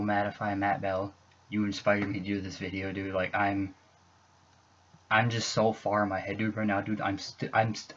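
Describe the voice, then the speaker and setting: A young man talking earnestly in an emotional personal vlog, rambling and halting with many restarts, heard on a dull lo-fi recording with faint hiss. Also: fairly low pitch, fairly bright tone. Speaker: YouTuber.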